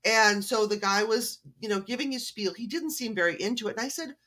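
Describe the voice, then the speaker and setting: A woman's voice: fairly high pitch, fast talker, few pauses, bright, forceful tone. A woman from Canada, an author guest on a podcast, telling stories in a friendly, chatty way. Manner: friendly, storytelling. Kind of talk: casual interview chat.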